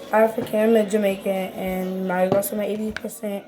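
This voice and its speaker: A woman's voice: medium pitch, little pitch movement, normal speed, hardly any pauses, music in the background. A woman with a Washington DC accent, chatting casually as she talks viewers through a how-to video in a slangy, rambling way. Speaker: vlogger.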